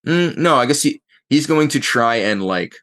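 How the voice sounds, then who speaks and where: A man's voice: medium pitch, animated, normal speed, fairly bright tone. A man narrating as game master, rambling and thinking aloud as he describes the scene.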